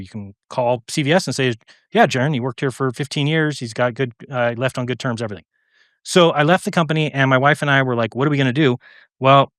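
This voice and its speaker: A middle-aged man, an interview guest, telling a long story in a casual, animated way, acting out the lines of the people in it, with many fillers and restarts. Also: mid-range voice, no room sound, studio quality. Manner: animated, acts out quoted exchanges, frequent fillers and restarts.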